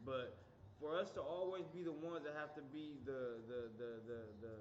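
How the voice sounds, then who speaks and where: A young man who is a guest on a livestream, giving his view in a measured way and searching for words. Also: a little high, darkish tone, slight background noise. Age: young adult. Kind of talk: casual discussion. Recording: roomy, dull sound.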